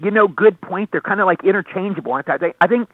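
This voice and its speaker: A middle-aged man, an actor, telling stories in an excitable, rambling way during an interview. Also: sits high, no room sound. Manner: excitable storyteller, quick rambling delivery. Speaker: actor guest. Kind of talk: casual interview over phone. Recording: tinny dry phone line.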